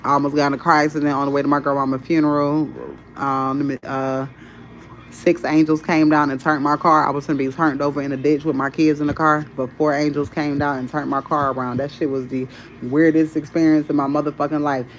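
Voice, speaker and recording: Woman, spiritual creator, casual storytelling, animated, heavy swearing, rambling, faint background noise. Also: deep voice, a little fast, low-quality recording.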